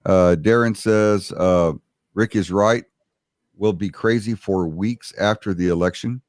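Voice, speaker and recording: A man hosting a casual political podcast who reads out viewer comments, hesitant and full of fillers. His voice is very low and sounds dry and close to the mic. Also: a little slow, no room sound. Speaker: podcast host reading chat comments.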